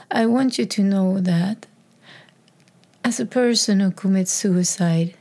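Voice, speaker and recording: A woman telling a raw personal story in a halting, reflective way, with many restarts. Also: mid-range voice, mellow. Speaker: speaker sharing a personal story. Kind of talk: personal testimony.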